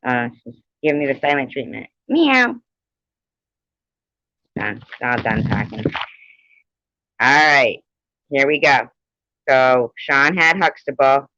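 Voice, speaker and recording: A man's voice: medium pitch, measured pace, long pauses, sharp tone, dry recording. A man hosting a casual trivia livestream from home, keeping score and teasing the players in a chatty way. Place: at home with a cat. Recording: dull, dry lo-fi stream audio.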